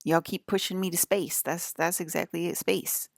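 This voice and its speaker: Woman vlogger, low and gravelly, rambling and swearing a lot, annoyed, dry close sound. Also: fairly even intonation, moderate pace, no room sound. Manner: profane, irritated rant. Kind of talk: rambling monologue.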